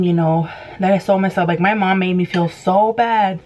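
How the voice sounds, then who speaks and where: A woman in her twenties, a mukbang vlogger at home at a table with food, tells a casual story while eating, chatty, leaning heavily on "like," and acting out what people said. Her voice is lowish, fairly even, moderately paced and a little mellow, with a slight hiss or hum.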